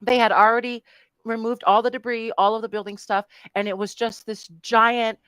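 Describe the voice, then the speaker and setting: A woman's voice: fairly high pitch, level tone, moderate pace, fairly bright tone, smooth, dry recording. A woman co-hosting a podcast in casual chat, frank and swearing, laughing easily. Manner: frank, swears, laughs often, reflective when recounting. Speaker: podcast co-host.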